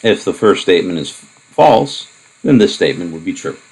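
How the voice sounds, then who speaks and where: A man with a low, deep voice working through a math lecture, casual and explanatory. He talks his way through each step with frequent asides and fillers, as if thinking aloud at the board. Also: sing-song, brisk, breathy edge, rough recording. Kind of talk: recorded lecture.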